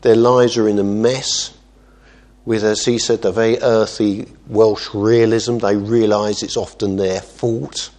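A man preaching as a pastor, earnest, moving between quiet asides and emphatic exhortation. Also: on the low side, level tone, measured pace. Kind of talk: sermon.

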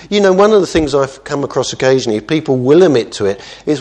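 A man's voice: on the high side, quick pace, few pauses. Earnest man preaching a sermon. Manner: earnest, shifts between soft asides and emphatic exhortation. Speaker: pastor.

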